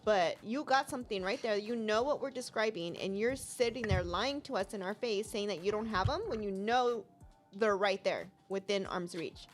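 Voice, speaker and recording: A woman telling a story in casual chat with her co-host, expressive and laughing often. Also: mid-range voice, normal speed, faint music behind. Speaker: podcast co-host.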